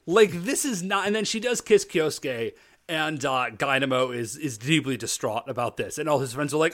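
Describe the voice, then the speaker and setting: A man in casual podcast chat, recapping a TV show and acting out the characters in quick voices. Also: mid-range voice, animated, fairly bright tone. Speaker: podcast co-host.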